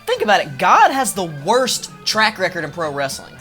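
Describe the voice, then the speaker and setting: A man hosting a casual wrestling recap, profane and animated, laughing often and mimicking wrestlers in quick bursts. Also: sits high, soft background music. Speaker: wrestling review host.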